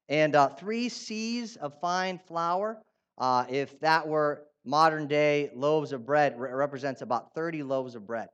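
A man preaching a sermon in a conversational way, asking his listeners questions and turning animated when he reads out quotes. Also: fairly high pitch, moderate pace, lo-fi sound. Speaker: pastor.

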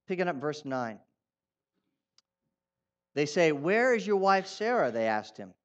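A man preaching a sermon in a conversational way, asking his listeners questions and turning animated when he reads out quotes. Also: on the high side, a little slow, dull audio. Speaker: pastor.

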